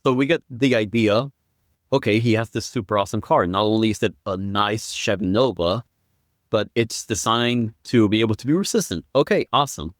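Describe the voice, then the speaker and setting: Low-voiced man explaining eagerly. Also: fairly quick, no echo, clean studio sound. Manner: explains step by step, builds to excited quotes. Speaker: returning podcast guest. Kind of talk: casual film review chat.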